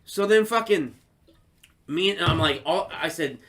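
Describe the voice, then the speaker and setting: A man co-hosting a podcast, telling a story in casual chat, animated and profane, acting out what people said. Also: fairly high pitch, unhurried. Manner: animated, profane storytelling, acts out quotes loudly. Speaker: podcast co-host.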